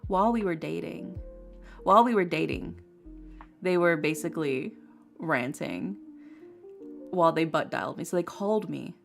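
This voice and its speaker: A woman's voice: low-pitched, moderate pace, creaky, pauses often. A young woman streamer chatting casually, talking frankly and swearing as she vents about a painful personal story. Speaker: tarot streamer. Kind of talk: casual chat. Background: faint lofi music.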